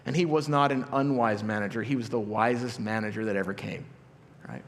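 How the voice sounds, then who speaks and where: A man's voice: on the low side, steady tone, fairly quick, a little hiss or hum. A male pastor giving a conversational sermon to his church, full of rhetorical questions and casual asides. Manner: casual, questioning, with many asides and repeated starts. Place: church auditorium. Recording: live church hall reverb with soft music.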